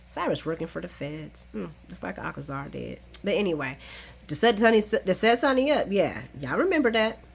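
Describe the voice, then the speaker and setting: A woman's voice: expressive, moderate pace, gravelly, husky. Chatty woman recapping soap episodes. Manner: chatty, laughs often, big swings from low asides to high exclamations. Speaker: soap opera recap vlogger. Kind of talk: casual chat recap.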